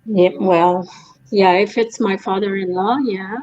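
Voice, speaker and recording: A woman, her voice mellow and a little muffled over a video call. She answers in short, hesitant replies, with a middle pitch. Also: fairly even intonation, measured pace, slight background noise. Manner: brief, tentative replies. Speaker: sitter receiving a reading.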